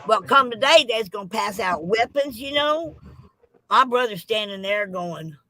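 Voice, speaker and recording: A woman spins a comic tall tale in a drawling, folksy style, her delivery lively and full of rural turns of phrase. Her voice sounds bright and forceful. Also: mid-range voice, a little slow, poor audio. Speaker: storyteller.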